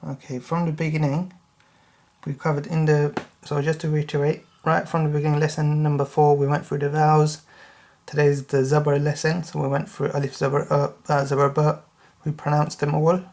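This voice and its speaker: A man teaching beginner Quran reading. He spells out Arabic letters, recites each word slowly and carefully, and checks in with the learner. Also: on the high side, monotone, a little mellow. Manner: checks in with the learner with a frequent "yeah?". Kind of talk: slow tutorial recitation lesson.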